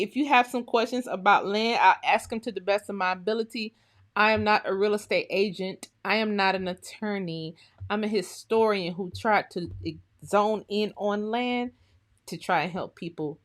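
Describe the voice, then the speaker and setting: A woman hosting a live stream as a historian, greeting viewers by name in a lively, chatty way before turning to a serious talk. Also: mid-range voice. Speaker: livestream host and historian.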